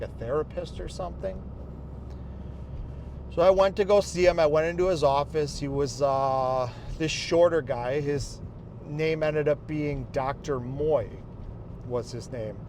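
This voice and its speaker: A man's voice: fairly high pitch, darkish tone, slight background noise. Angry swearing man telling a story. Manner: angry, heavy swearing, quoting others in his own voice. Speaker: vlogger recounting his rehab experience. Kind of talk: casual storytelling monologue.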